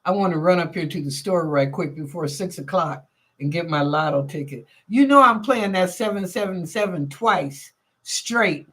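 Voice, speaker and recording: A woman hosting a live psychic reading show, talking with her viewers in a chatty, lively way full of casual street slang. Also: on the low side, moderate pace, breathy edge. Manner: reads viewer questions aloud. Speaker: psychic reader and show host.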